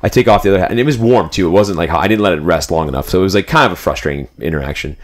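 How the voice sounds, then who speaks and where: Here a young man with a low-sitting voice speeds through the tale of a road trip during a casual podcast chat. He rambles animatedly, with "like" and "dude" peppering nearly every line.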